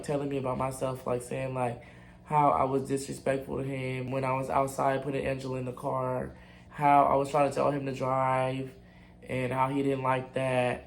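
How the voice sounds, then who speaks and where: A man's voice: medium pitch, vocal fry, slight background noise. A young man telling a casual storytime to his viewers, candid, blunt and full of profanity. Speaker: vlogger.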